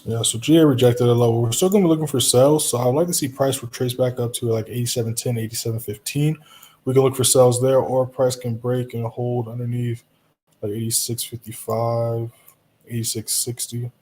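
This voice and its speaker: A man hosting a live stream in a relaxed, reassuring way, chatting to viewers and answering their comments. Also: mid-range voice, brisk, slight background noise. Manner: relaxed, reassuring, talks straight to viewers with frequent "you know" and "right?".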